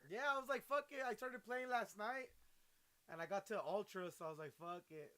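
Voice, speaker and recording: Laid-back man on voice chat, slightly high. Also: a little fast, bright, forceful tone. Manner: laid-back, laughs along. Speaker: friend on voice chat. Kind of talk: casual gaming chat.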